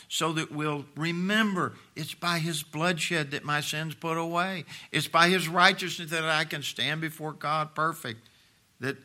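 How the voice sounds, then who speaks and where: A middle-aged man preaching a sermon, swinging between loud emphasis and quiet asides, with homely jokes for the congregation. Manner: preaching with big swings in volume and pitch. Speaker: pastor.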